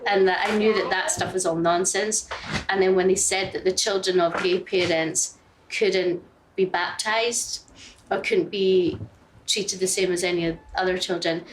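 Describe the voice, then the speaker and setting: A woman's voice: lowish voice, fairly even intonation, measured pace, background noise. A woman in an interview, speaking earnestly and hesitantly. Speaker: mother interviewed.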